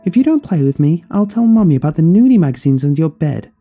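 A man's voice: on the high side, big pitch swings, fast, mellow, faint music behind, pitched above the performer's own voice. A man doing a whiny, bratty little girl.

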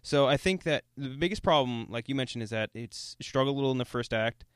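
A man's voice: medium pitch, quick pace, clear, resonant tone, no room sound, studio quality. A young man co-hosting a podcast, brash, profane and argumentative. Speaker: podcast co-host. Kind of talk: casual podcast chat.

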